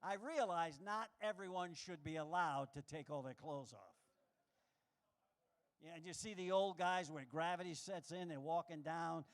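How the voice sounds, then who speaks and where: A man doing a stand-up comedy set on a club stage, animated and acting out the voices he quotes. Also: a little slow. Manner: animated, acts out quoted voices with big pitch jumps.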